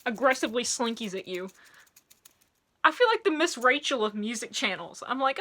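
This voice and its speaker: Bright excitable Tennessee woman reviewer. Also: fairly high pitch. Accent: Middle Tennessee. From Middle Tennessee. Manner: animated, laughing, quick bursts of excitement. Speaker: music reviewer. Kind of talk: casual video review.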